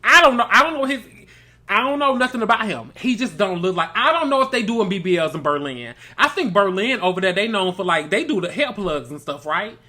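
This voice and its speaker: A man's voice: high voice, sing-song, brisk, pushed and bright. A man from Mississippi, hosting a casual, gossipy reality TV recap and calling listeners baby and girl. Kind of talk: casual review commentary.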